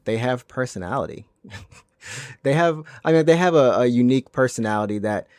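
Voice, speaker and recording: A man's voice: mid-range voice, lively intonation, darkish tone, no echo, clean studio sound. A man co-hosting a podcast, asking questions and chiming in with short replies in casual chat. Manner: asks questions, quick short backchannels. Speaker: podcast co-host. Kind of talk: casual chat about video games.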